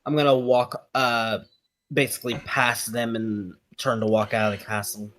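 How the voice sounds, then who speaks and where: A man playing a tabletop game, slow and hesitant, with many uhs. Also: mid-range voice, little pitch movement, a bit bright. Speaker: player. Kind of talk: tabletop role-play chat.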